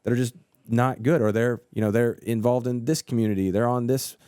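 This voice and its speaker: A man's voice: medium pitch, steady tone, fairly quick, mellow, smooth, dry recording, clean studio sound. A man, co-hosting a casual church podcast discussion and thinking aloud with frequent restarts. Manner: thoughtful, repeats words as he thinks aloud. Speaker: podcast co-host.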